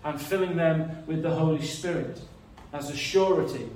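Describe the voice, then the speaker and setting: A man's voice: fairly high pitch, normal speed, darkish tone. A man preaching a sermon in an earnest, reasoning way, often repeating words as he thinks. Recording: echoey room, mic some distance away.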